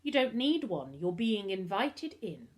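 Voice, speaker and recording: A woman's voice: medium pitch, sing-song, a little slow. A woman reading a story aloud, voicing a stiff, mournful male butler with a French accent and a formal, commanding manner. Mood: flat.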